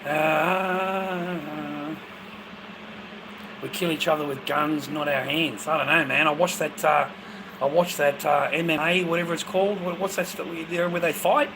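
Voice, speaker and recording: An Australian man in a profane, rambling casual chat to viewers, breaking into loud bursts. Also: fairly high pitch, fairly even intonation, measured pace, noisy background.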